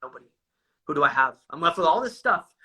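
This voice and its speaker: A man's voice: fairly high pitch, sing-song, quick pace, bright, forceful tone, slightly rough, low-quality recording. A man telling his own story in casual, profane talk, calling his listener "dude" again and again. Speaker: guest sharing a recovery story. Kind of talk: candid conversational storytelling.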